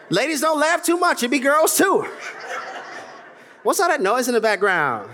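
Male pastor, sermon delivery, very high animated voice, comic asides and shouts. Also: moderate pace, slight background noise. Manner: preaching with humor and sudden shouts, mimicking voices.

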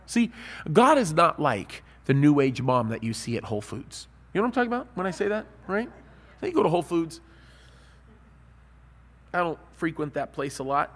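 Animated preacher in an echoing hall. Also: male voice, a little high, normal speed, pauses often. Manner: animated storytelling, asks the crowd. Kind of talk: sermon.

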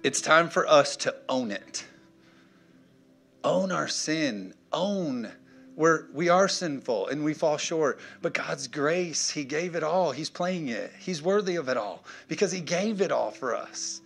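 A man's voice: fairly high pitch, animated, unhurried, creaky, fairly bright tone, soft background music. A man preaching a sermon, emphatic and punchy, checking in with his congregation. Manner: emphatic, punchy, call-and-response. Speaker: pastor.

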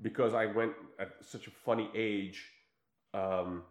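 A middle-aged man whose first language is Croatian, telling stories in a rambling, animated way with many fillers. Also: lowish voice, unhurried. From United States and former Yugoslavia. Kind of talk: casual chat. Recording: roomy echo.

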